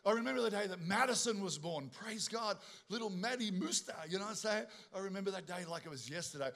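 Aussie pastor guy, middle-aged, kinda high voice, cracking jokes mid-sermon. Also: fast, gravelly. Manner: animated, joking storyteller with asides to the congregation.

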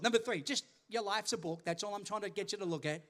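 A middle-aged Australian man preaching with a very high, ringing voice. He tells stories with acted-out dialogue, calls out for responses from the congregation, and climbs to forceful shouts. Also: fast talker, few pauses, a faint crowd. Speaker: pastor. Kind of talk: sermon with storytelling.

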